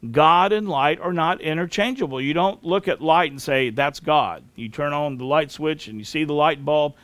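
A man delivers a Bible lesson as a sermon, explaining grammar step by step slowly and deliberately and spelling out terms. His voice is a little high and a bit bright, in a dry recording.

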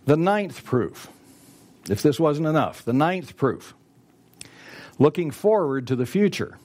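A man preaching a sermon, reading scripture slowly and emphatically. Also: big pitch swings, a little mellow. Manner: emphatic, reads scripture slowly and rises in pitch on quotes.

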